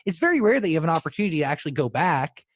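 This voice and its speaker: A man's voice: a little high, sing-song, racing. A man hosting an interview, asking questions and giving effusive praise. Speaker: radio show host. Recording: dry close sound.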